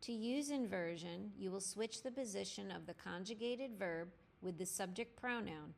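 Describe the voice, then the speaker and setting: A woman teacher narrating a language lesson, clear and deliberate, spelling out grammar formulas step by step. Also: medium pitch. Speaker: French teacher. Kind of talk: slow instructional lesson narration.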